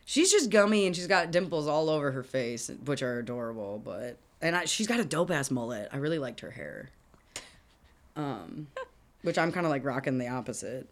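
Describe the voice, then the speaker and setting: A woman's voice: extremely low pitch, big pitch swings, normal speed. A young woman co-hosting a casual chat about a movie, laughing often, swearing, and acting out scenes. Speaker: podcast co-host.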